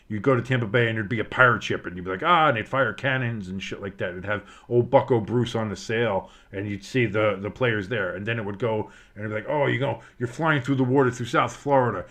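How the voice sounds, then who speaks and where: Man, play-by-play streamer, lowish voice, loose and rambling, swears, excited on big plays. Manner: rambling, swears, breaks off into nostalgic tangents. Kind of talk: casual play-by-play commentary.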